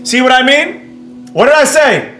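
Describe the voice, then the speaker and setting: A man streaming live as a trading educator, reading viewer comments and talking straight to the audience in a brash, boastful way that jumps loud when he gets excited. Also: extremely high pitch, measured pace. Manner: animated, bursts up loudly when excited. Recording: roomy sound with faint music behind.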